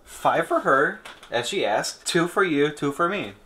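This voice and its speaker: A man's voice: on the high side, expressive, unhurried, pushed and bright, a little hiss or hum. A man filming a casual vlog at home, joking and laughing as he cooks with a handheld camera. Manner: playful, laughs often. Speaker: vlogger. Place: home kitchen.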